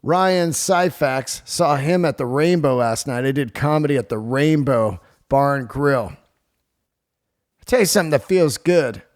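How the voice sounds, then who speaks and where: A man's voice: mid-range voice, animated, unhurried. A man hosting his podcast as a comedian, talking loosely and profanely with lots of fillers. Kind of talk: casual monologue.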